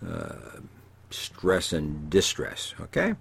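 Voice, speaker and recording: A man speaking as a therapist, giving a calm, slow instructional talk and often checking in with "okay?", dropping to a hush on calming words. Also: lowish voice, slightly rough. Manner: softens and drops to a hushed voice on calming words.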